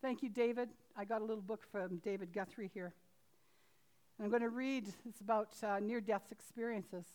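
A woman preaching a sermon and reading a story aloud from a book. She talks earnestly and haltingly, full of restarts, and swings from loud emphasis to a hushed hush. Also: mid-range voice, steady tone.

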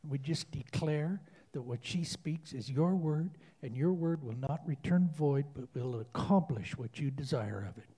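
A man leading an earnest spoken prayer in church, halting and repeating himself as he speaks. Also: fairly high pitch, mellow, breathy edge.

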